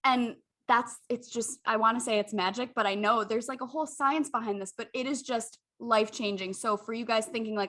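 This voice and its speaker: A woman with a bright, forceful, fairly high voice hosts a podcast at a moderate pace, barely pausing. In this casual chat she talks candidly and effusively, often turning straight to her listeners and calling them "you guys."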